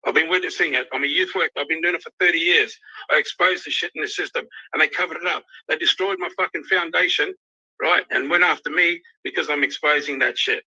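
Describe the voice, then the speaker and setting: A man's voice: fairly high pitch, fast, bright, forceful tone, slightly rough. An angry, emotional Australian man ranting on a livestream, swearing constantly. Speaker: youth worker ranting on a livestream. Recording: dull lo-fi livestream audio.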